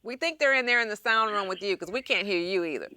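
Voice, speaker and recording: A woman in her fifties, a lawyer hosting a talk show, telling a story in an animated way and acting out what people said. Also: medium pitch, quick pace. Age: 50s. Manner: animated storyteller, acts out quotes. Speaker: host and lawyer. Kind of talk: casual talk show chat.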